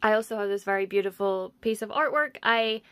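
Young woman gushing over her collectibles, bright voice, dry room, lots of um and very very. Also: mid-range voice, brisk, clear, resonant tone, dry recording. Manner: gushing, enthusiastic, many ums and repeated words. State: slightly out of breath. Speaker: vlogger showing her collection. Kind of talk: casual show-and-tell vlog.

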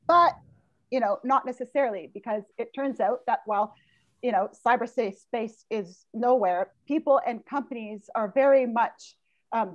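Woman panelist, higher voice, emphatic, dry and muffled call audio. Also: no echo. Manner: emphatic, animated, laughs often. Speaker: law professor panelist. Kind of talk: panel discussion. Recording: dull lo-fi video call audio.

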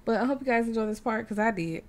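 A woman's voice: on the high side, fast. Chatty woman narrating her game. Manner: animated, chatty, laughs often. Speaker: gaming YouTuber. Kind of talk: casual gameplay commentary.

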